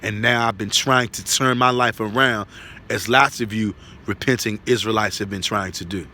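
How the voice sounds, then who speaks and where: A man's voice: fairly low pitch, steady tone, normal speed, sharp tone, a little hiss or hum. A man giving an earnest spoken religious testimony, repeating himself and checking in with tag questions.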